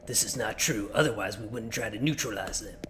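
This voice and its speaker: A man voicing a gruff police officer who hunts monsters, asking questions in a deliberate, stern manner. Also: fairly low pitch, a bit bright, a little hiss or hum, close to an everyday voice. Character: gruff male cop hunting monsters.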